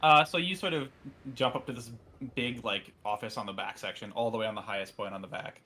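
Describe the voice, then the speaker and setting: Guy running a tabletop game, rapid casual narrating, lots of ums. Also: on the low side, pushed and bright. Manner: rapid, casual, filler-heavy. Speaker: game master.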